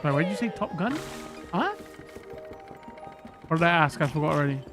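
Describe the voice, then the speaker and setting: A streamer talks to their live chat at a mid pitch, wandering off on tangents and tripping over their own corrections. Now and then they jump up into loud, excited outbursts. Game music plays clearly underneath from a home streaming setup. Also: brisk. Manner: rambling, chatty, self-correcting, jumpy bursts of excitement. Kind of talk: casual live-stream chat while gaming.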